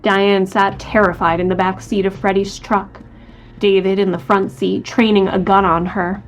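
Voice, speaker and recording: A woman's voice: medium pitch, little pitch movement, moderate pace, soft background music. A woman co-hosting a podcast, reading a true crime story from a script and voicing quotes from the people in it. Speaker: podcast co-host.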